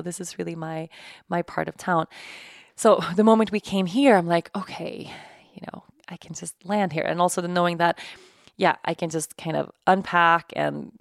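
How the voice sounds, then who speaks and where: A woman in her thirties hosting a podcast, speaking candidly with halting fillers in a reflective personal monologue. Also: fairly low pitch, gravelly, dry recording, studio quality. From Sweden. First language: Swedish. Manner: candid, halting, with frequent "like" fillers and soft laughs. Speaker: podcast host. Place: home apartment.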